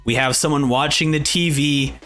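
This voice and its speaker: A young man reacting to a manga as he reads it aloud, excitable and exclaiming often. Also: fairly high pitch, normal speed, faint music behind.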